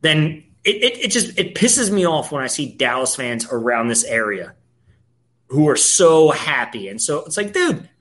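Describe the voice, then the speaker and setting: A man rants in casual sports chat, swearing freely and hammering his points. His voice is bright and forceful. His pitch swings widely. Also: sing-song, moderate pace. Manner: profane, ranting, emphatic. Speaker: podcast co-host.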